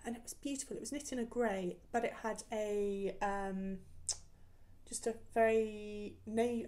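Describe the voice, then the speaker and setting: A woman's voice: mid-range voice, warm tone. A woman hosting a knitting podcast, chatting casually about her projects with many ums and restarts. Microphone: camera recording, showing work.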